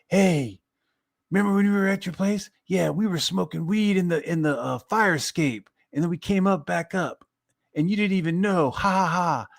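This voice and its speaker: A man putting on the voice of a gloating male friend, high and mocking. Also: moderate pace, vocal fry.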